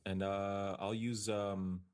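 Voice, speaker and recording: A man playing a tabletop game, talking through his moves with tentative pauses. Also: on the low side, little pitch movement, darkish tone, smooth. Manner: hesitant, tentative. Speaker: player.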